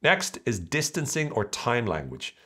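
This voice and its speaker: A man hosting a motivational podcast, talking in a playful, animated way and acting out voices. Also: medium pitch, a little slow. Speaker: podcast host.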